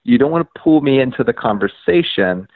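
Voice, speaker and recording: A man telling his story as a podcast guest, animated, acting out conversations and using lots of "like" and "um". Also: medium pitch, brisk, narrow, tinny audio. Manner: frequent fillers like "like" and "um". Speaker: podcast guest, media outlet founder.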